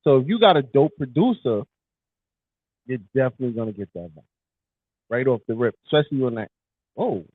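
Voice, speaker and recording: A man's voice: medium pitch, lively intonation, fairly quick, pauses often, slightly rough, no echo. Hyped man co-host, tinny phone-like sound. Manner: hyped, emphatic. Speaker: podcast co-host. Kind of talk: casual podcast chat.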